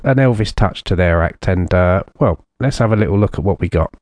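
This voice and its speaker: Low-voiced radio presenter. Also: male voice, animated, brisk, a little mellow, no echo. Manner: jokey, rambling with fillers. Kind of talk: casual radio chat.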